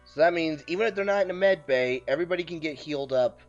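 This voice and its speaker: Speaking fast in a fairly high voice, a man plays through a game as a let's play host. He is excitable and jokey, breaking into frustrated outbursts, over a muffled recording with faint music behind him.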